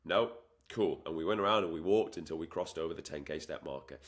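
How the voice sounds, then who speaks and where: A man's voice: a bass voice, fast. A man coaching on fitness in an emphatic, repetitive way, acting out the voices in people's heads. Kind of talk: motivational talk to camera.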